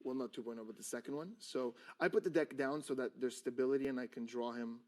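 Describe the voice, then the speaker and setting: A man walks through a card trick step by step in relaxed, conversational talk. His pitch sits mid-range, and he slips into mock-annoyed patter as he plays it out. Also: fast talker. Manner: animated, acts out exasperated patter with a drawn stick figure. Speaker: magician teaching a card trick. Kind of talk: casual teaching chat.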